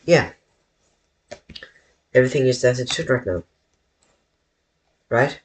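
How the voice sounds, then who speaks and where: A man's voice: mid-range voice, animated, slight background noise. A man drawing on a live stream from his bedroom, rambling to his viewers and often correcting himself. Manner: slow, rambling, self-correcting, talks to chat. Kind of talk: casual live-stream chat while drawing.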